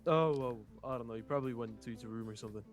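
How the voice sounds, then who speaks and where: A man's voice: mid-range voice, racing, faint music behind. A man voicing an easygoing character in a wild west role-play, talking with many hesitations. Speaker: role-play character, legal family member.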